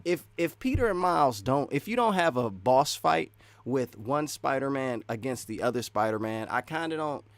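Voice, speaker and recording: A man giving casual, excitable live-stream commentary while wearing earphones, rambling and swinging between loud and soft. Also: mid-range voice, moderate pace, dry recording. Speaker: streamer reacting to game news.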